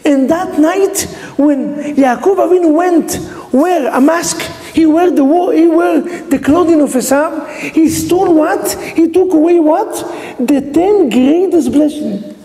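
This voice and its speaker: A man's voice: very high voice, measured pace, mellow. A man, a rabbi, teaching a Torah lesson in non-native English with Hebrew terms, telling the story with animation and quizzing his listeners. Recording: reverberant hall.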